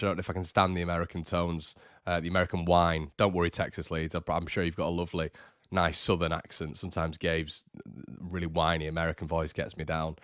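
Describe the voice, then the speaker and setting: A young man with a deep voice hosts a casual fan channel livestream, reading out viewer comments in a chatty, teasing way full of fillers and restarts. The sound is clean studio audio with no echo.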